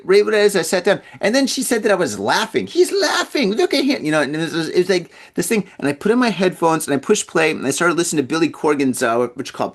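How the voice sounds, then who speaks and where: A man hosting a podcast, telling a long casual story in a rambling way, stammering and repeating his words. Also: on the high side. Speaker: podcast host.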